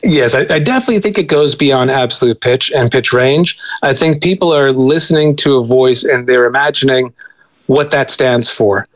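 Male expert guest, measured and explanatory, many self-corrections, slightly dull audio. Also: mid-range voice. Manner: thoughtful, many restarts and repeated words. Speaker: linguist guest.

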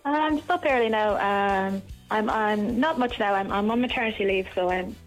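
A woman's voice: medium pitch, normal speed, rough recording. A woman with a mid-range voice calling into a morning radio quiz, easygoing and a little hesitant. Faint music plays behind. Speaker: caller. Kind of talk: on-air phone-in quiz.

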